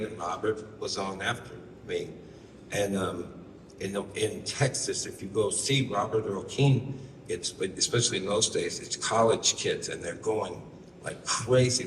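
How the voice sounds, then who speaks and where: A man's voice: low-pitched, background noise. A man telling a loose, wry story on stage between songs, profane and full of asides. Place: live concert venue. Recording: roomy live hall, from far off, guitar behind.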